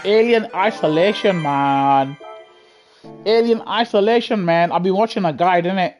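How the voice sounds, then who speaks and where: A man's voice: a little high, a little mellow. A man giving slangy, chatty live commentary while streaming a racing game on a headset mic, talking to himself and to his viewers. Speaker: gaming streamer. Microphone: gaming headset.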